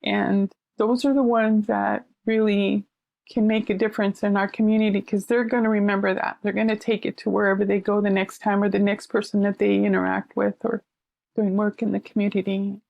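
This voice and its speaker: Gravelly-voiced woman telling stories. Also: mid-range voice, a little fast, no room sound, highs cut off. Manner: animated, acts out quoted voices. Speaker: counselor sharing her story. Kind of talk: conversational storytelling.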